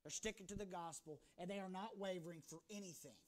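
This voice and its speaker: A pastor preaching a fervent sermon from a church pulpit, swinging from shouting to hushed talk. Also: male voice, sits high, fast talker.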